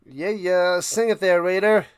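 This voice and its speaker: High-pitched guy streaming a game, slow laid-back calls, throat-clearing, loud on big plays. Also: steady tone, no echo, clean studio sound. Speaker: live stream host doing play-by-play. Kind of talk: casual live play-by-play and chat.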